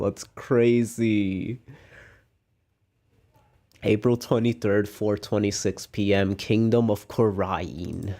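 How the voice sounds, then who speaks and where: A man streaming a game playthrough live, chatting in an excitable, rambling way. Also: lowish voice, takes it slowly, pauses often.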